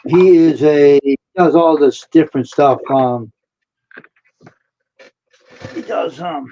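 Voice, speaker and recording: Brief: male guest, slow and halting, dark mellow tone, dull lo-fi sound slightly off-mic. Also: on the high side, a little hiss or hum. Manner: hesitant, listing slowly with fillers. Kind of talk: casual chat.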